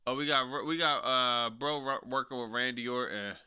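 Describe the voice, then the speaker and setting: Bright, smooth-voiced young man reacting. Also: medium pitch. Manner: laughs often, slangy and animated, says "yo" and "dog". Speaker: wrestling commentary streamer. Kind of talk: casual reaction commentary.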